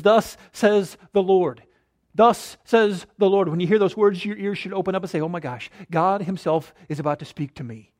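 High-voiced preaching pastor. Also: male voice. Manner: dynamic preaching, rhetorical questions, drops to near-whisper for emphasis. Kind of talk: sermon.

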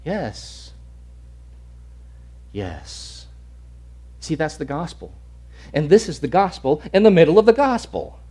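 A man preaching a sermon with a slightly high voice. He swings between booming, shouted lines and hushed, near-whispered ones, repeating words as he acts out the crowd. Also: very animated, slow pace, long pauses, husky.

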